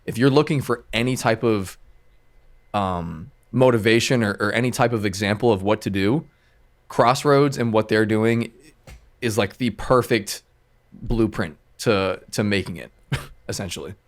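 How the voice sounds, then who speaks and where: A man with a fairly low voice, chatting as a music producer on a podcast. He talks loosely and rambles, circling back through his thoughts with plenty of fillers along the way. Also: unhurried. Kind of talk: casual podcast chat.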